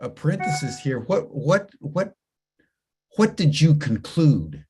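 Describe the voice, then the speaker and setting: A man's voice: fairly high pitch, sing-song, takes it slowly, dark tone, a little hiss or hum. A man hosting an interview who asks questions hesitantly, repeating words as he works them out. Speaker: host. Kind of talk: interviewing a guest.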